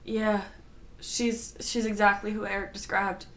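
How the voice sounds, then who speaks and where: Hesitant female player, slow, echoey room. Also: medium pitch, flat delivery, a bit bright. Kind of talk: playing a tabletop game.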